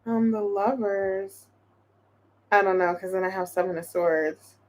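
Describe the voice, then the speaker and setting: A woman's voice: mid-range voice, measured pace, a little mellow. A woman giving a casual tarot reading to her viewers, thinking aloud in a chatty way with lots of restarts. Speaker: tarot reader.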